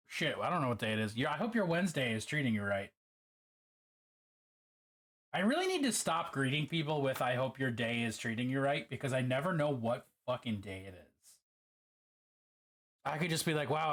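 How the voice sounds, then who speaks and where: A man talks casually to his live-stream audience as he paints miniatures, and his pitch swings animatedly up and down. He swears freely and greets viewers by name. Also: big pitch swings, moderate pace, pauses often, fairly bright tone.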